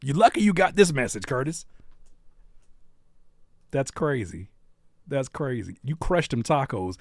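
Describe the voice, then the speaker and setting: A man's voice: mid-range voice, measured pace, pauses often, dry recording, clean studio sound. A man hosting a live music stream, chatting casually and playfully teasing his viewers. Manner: animated and playful, reads chat aloud and teases viewers.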